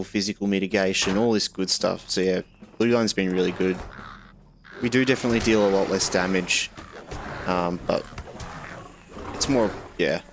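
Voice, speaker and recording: A young man chatting casually while streaming a game, rambling and answering chat. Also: deep voice.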